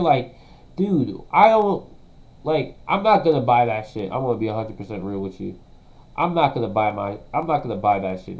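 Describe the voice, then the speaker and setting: A young man streaming himself reacting to a video, talking casually and ranting loudly with lots of slang and swearing. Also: mid-range voice, rough recording. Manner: loud profane ranting, slangy.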